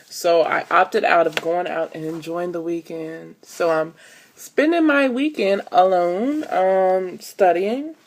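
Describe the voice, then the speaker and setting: A woman's voice: lowish voice, slow. A woman, chatting to camera at home and telling stories with many ums and "so look". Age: 20s. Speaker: vlogger. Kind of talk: casual chat to camera. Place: at home, upstairs room.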